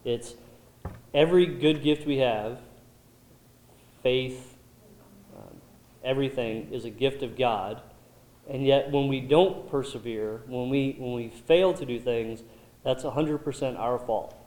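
A man's voice: mid-range voice, measured pace, darkish tone. A man leading a Bible study group, thoughtful and full of ums and restarts. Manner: thoughtful, many um fillers and restarts. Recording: roomy echo.

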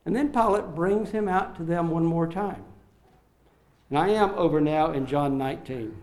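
A man preaching an expository sermon, acting out the quoted lines with swings in loudness and slowing down on key phrases. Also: fairly high pitch. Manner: dramatic, acts out the quoted lines with sharp rises and drops in loudness.

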